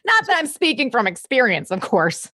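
A woman's voice: fairly high pitch, huge pitch swings, moderate pace, pushed and bright, dry recording, studio quality. A woman comedian chatting as a guest, bubbly as she tells a story. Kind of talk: casual chat.

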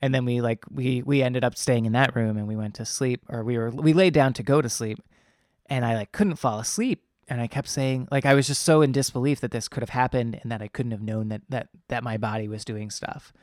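Speaking a little fast, a young man with a middle-pitched voice relates a personal story loosely and earnestly, with plenty of fillers and restarts. The audio is close and dry, without room sound or echo.

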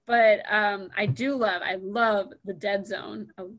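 Halting, chatty young woman. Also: medium pitch, fairly even intonation, a bit bright. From United States. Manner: halting, many fillers and restarts. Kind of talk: casual chat.

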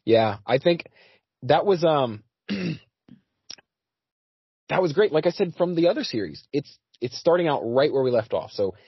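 A man's voice: on the high side, animated, measured pace, pauses often, breathy edge, dry recording. A man hosting a casual podcast chat, talking with frequent fillers and restarts. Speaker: podcast host. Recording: dry, slightly dull audio.

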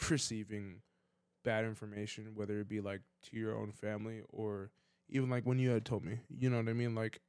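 Low-voiced young man, casual podcast chat. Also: clear, resonant tone, no room sound. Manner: supportive, loose with many fillers. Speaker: podcast co-host.

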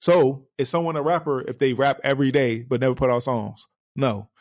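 A man co-hosting a podcast who tells his story in an animated, slangy way and repeats lines for emphasis. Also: medium pitch, brisk, no room sound, studio quality. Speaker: podcast co-host. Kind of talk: casual storytelling chat.

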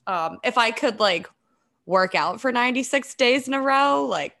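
Woman podcast co-host, chatty and rambling, bright sharp tone, very animated pitch. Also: normal speed, gravelly. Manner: chatty, laughs often, rambling. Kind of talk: casual chat.

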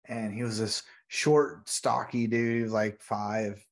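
A man telling an animated story as a podcast guest. He is a retired Navy veteran who laughs and acts out the people he quotes. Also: lowish voice, takes it slowly. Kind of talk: casual storytelling.

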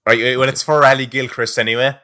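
A man, the producer of a podcast, chatting casually in a laid-back, deadpan way. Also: mid-range voice, fast talker.

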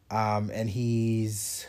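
A man's voice: lowish voice, a little mellow. A man with a congested voice, hosting a casual vlog update and rambling chattily with fillers and asides. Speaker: show host.

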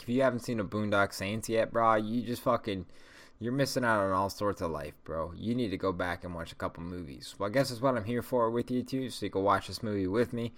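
A man with a deep, low voice hosts a casual podcast, reacting to a film as it plays. He swears freely and talks loosely and chattily to his listeners. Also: fairly bright tone. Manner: laid-back, profane, chatty. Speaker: podcast host. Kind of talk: casual movie watch-along commentary.

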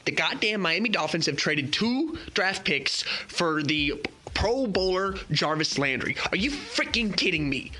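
Excitable man giving sports news. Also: high voice, unhurried. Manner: excitable, swears, exclaims. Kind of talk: casual sports news update.

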